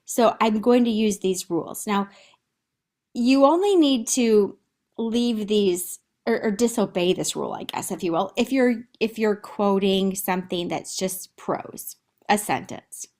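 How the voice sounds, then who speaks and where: A woman's voice: medium pitch, a little slow, a little mellow. Lady teacher talking through her slides, casual and chatty, um's and restarts here and there. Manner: chatty, thinking aloud with fillers and restarts. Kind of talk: recorded literature lesson over slides.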